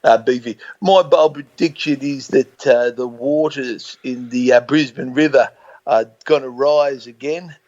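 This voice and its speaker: A man's voice: medium pitch, measured pace, darkish tone. A man with an Australian accent co-hosting a comedy sports radio show by phone, spinning rambling, blokey yarns. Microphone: phone line. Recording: dull phone-line sound.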